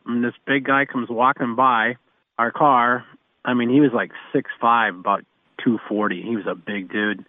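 A man's voice: medium pitch, no room sound. Guy spinning old racing stories, chuckles a lot, tinny phone line, dry sound. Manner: rambling, chuckling storyteller. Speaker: race car mechanic. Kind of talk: anecdotal storytelling.

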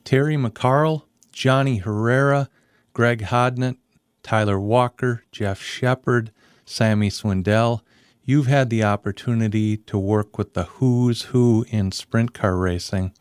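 A man hosting an interview, asking measured, prepared questions. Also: medium pitch, fairly even intonation, clean tone, no room sound, clean studio sound. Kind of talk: podcast interview.

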